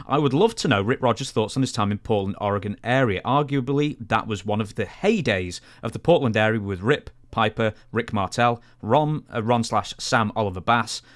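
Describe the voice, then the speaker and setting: A male interviewer with a lowish voice asks questions in an easy, joking manner. He pokes fun at himself as he goes. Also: moderate pace, few pauses. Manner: joking, self-deprecating. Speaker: interview host.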